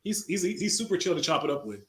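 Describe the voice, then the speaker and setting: A man's voice: on the high side, very animated, fast talker, slight background noise. Laid-back man, blunt and profane. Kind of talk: casual chat.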